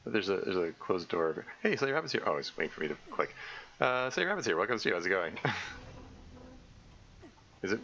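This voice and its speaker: A man's voice: fairly low pitch, wildly swooping pitch, moderate pace, pauses often, bright, forceful tone. A man casually commenting on a survival game during a live stream, rambling and often restarting his sentences. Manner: rambling, self-correcting, frequent stammered restarts. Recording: slightly dull lo-fi mic with faint noise.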